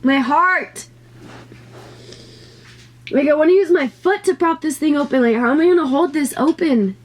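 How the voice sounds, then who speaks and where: A woman's voice: high voice, moderate pace. A young woman vlogging to camera, nervous and swearing as she talks herself through a scary task at home. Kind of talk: casual vlog talking to camera. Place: home utility space by a water heater.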